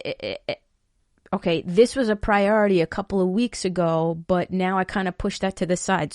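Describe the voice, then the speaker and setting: A woman's voice: medium pitch, darkish tone, no echo, studio quality. A woman hosting a podcast, answering listener questions in casual, blunt talk, swearing freely and repeating words as she gets fired up.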